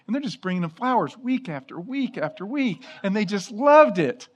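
Man preaching with a higher voice. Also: normal speed. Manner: storytelling, animated, acting out quoted voices. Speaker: pastor. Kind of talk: sermon with personal stories.

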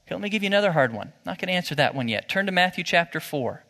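A man preaching a sermon as pastor, talking casually and then rising to animated emphasis. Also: sits high, racing, creaky, hardly any pauses. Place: church sanctuary. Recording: church hall with long reverb.

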